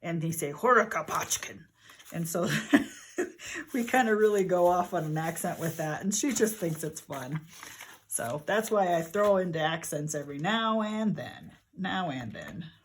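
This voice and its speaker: A woman's voice: fairly low pitch, lively intonation, normal speed, slightly rough. Older woman rambling over her crafting. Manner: rambling, thinks aloud while working. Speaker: journaling vlogger. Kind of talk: casual crafting narration. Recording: paper crinkling heard in background.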